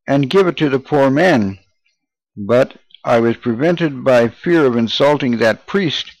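A man's voice: medium pitch, no room sound, low-quality recording. Earnest man reading a memoir aloud. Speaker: narrator.

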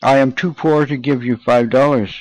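A man's voice: medium pitch, steady tone, normal speed, no echo, natural voice. Brief: male narrator doing a ragged, grieving poor man, trembling and begging, dry close sound. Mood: pleading. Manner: trembling, pleading.

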